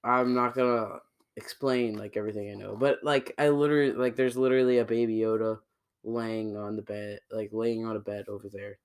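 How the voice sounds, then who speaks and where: A young man with a smooth, resonant voice talks casually to a camera. He rambles through stories with many fillers and teases his friend along the way. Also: on the low side, fairly even intonation, fairly quick. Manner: rambling, filler-heavy, teasing.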